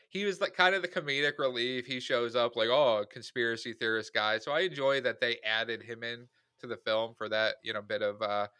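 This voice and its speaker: Male podcast co-host, opinionated film chat, bright and dry. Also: mid-range voice, smooth, no room sound. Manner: animated, opinionated, acts out quoted lines. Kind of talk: casual chat.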